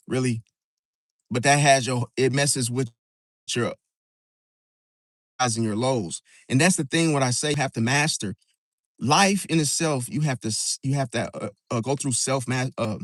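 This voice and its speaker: A man in a mid-range voice gives loose, motivational life advice as the host of an astrology channel. He talks casually, restarts and repeats phrases, and keeps checking in with "see?" The recording is dry, with no room echo. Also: mid-range voice. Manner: conversational, repeats words, keeps asking "see?".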